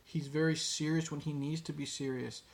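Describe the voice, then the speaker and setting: A man giving a casual, rambling movie review, with many pauses and restarts, dropping his voice to quote lines. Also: fairly high pitch, little pitch movement, vocal fry.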